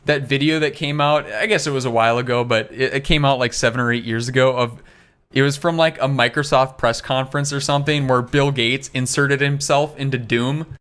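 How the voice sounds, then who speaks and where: A man's voice: medium pitch, fairly even intonation, a little fast, fairly bright tone, smooth. A man co-hosting a podcast in casual chat, rambling with lots of fillers and laughing often. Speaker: podcast co-host.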